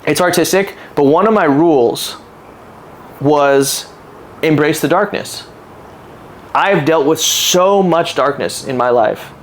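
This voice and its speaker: A man's voice: a little high, slow, long pauses, a little hiss or hum. Earnest man in his thirties, reflective. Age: 30s. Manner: earnest, candid and reflective, with animated retellings. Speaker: podcast guest. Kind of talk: casual interview storytelling.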